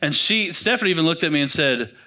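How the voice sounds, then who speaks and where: A young pastor tells his own story in a church, animated and quick to poke fun at himself. His voice sits high and sounds bright and lively. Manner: animated, self-deprecating storytelling. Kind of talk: storytelling sermon. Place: church sanctuary.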